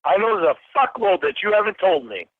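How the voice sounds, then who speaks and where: A man's voice: high voice, very animated, fairly quick, no room sound. An angry man on a phone call, swearing and accusing the other person of lying to him. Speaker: caller. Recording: tinny phone line.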